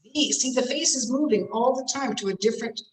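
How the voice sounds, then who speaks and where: A woman running an interactive online communication workshop, speaking in an expressive, emphatic way as she demonstrates. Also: a little high, fairly quick, reverberant, slight background noise, poor audio. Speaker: communication trainer.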